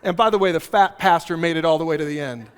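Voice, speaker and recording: Male pastor, high voice, animated and joking, conversational sermon, hall reverb. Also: fast talker, clean tone. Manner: animated storytelling with humor, repeats key phrases. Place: church auditorium.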